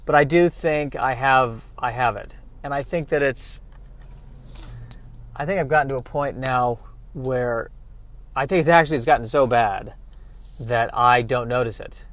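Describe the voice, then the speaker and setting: A man's voice: mid-range voice, unhurried, long pauses, fairly bright tone. A man hosting a solo podcast, rambling in a wry, self-mocking way while he drives. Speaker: podcast host. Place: car, driving.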